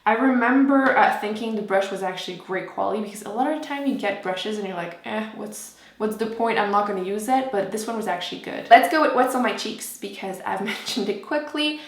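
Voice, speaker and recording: A young woman gushes her way through a makeup review in a chatty, enthusiastic voice of medium pitch, full of fillers and asides. She talks casually to her viewers from a room at home, and her voice carries a noticeable roomy echo. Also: expressive, a little fast, hardly any pauses. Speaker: beauty vlogger.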